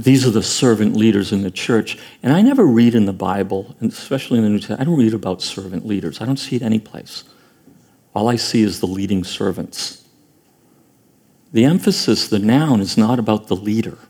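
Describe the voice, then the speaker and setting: A man's voice: lowish voice, dark tone. A man preaching a sermon as pastor, earnest, often repeating words and restarting phrases.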